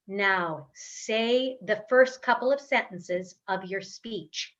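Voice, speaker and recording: A woman voice coach leading a guided vocal warm-up over a webcam, giving encouraging step-by-step instructions with long hums. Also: mid-range voice, slow, few pauses, muffled recording. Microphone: webcam on a video call.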